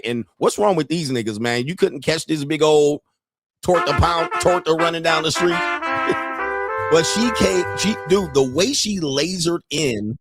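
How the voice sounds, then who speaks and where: A man talks over a clip he is showing, joking crudely and laughing at his own lines. His voice sits fairly high for a man. The sound is dry, with no room echo. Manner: excitable, rising into shouts. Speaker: dating coach and commentator. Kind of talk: casual commentary on a viral clip.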